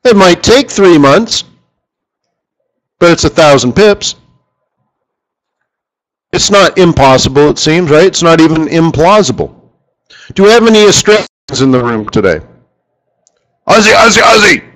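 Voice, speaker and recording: A slightly high-voiced man leads a live trading seminar for a room of listeners. He jokes easily and keeps throwing rhetorical questions at the crowd in an animated, conversational way. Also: a little slow, pauses often, poor audio. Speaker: forex market strategist hosting a session.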